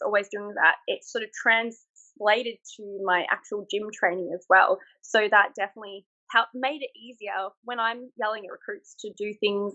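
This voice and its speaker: An Australian woman in her thirties, a former military instructor, telling stories in a frank, animated way with frequent laughs, over a remote call. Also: medium pitch, lo-fi sound. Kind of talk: casual interview chat.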